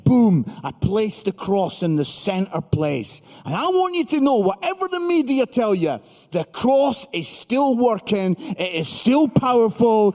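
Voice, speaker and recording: A middle-aged man preaches to a crowd in a big hall, mixing jokes and stories into his sermon. His voice sits high and swings widely in pitch, and the room's long reverb trails after each line. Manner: animated, punchy, acts out voices in stories. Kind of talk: humorous sermon storytelling. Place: large hall with live audience.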